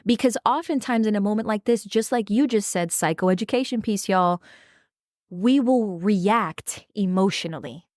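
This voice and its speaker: A woman's voice: medium pitch, normal speed, a little mellow, dry recording, clean studio sound. A woman co-hosting a podcast, talking earnestly and emphatically, often turning to address her listeners directly. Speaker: podcast co-host. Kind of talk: reflective podcast talk.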